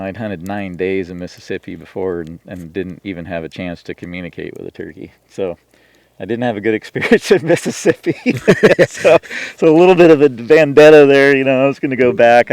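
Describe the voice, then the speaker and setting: This Washington State man, a turkey hunter guesting on a podcast, tells a hunting story in casual talk, rambling with frequent restarts and lots of "you know." His voice is low-pitched and a little mellow, recorded with no room sound.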